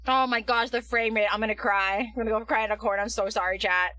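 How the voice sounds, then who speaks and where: A woman streaming a game, giggling, apologizing to her chat and cheering loudly at the screen. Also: on the high side, fairly even intonation, fast, recorded from a distance, low-quality recording. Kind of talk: casual live-stream commentary. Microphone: headphones on, desk mic.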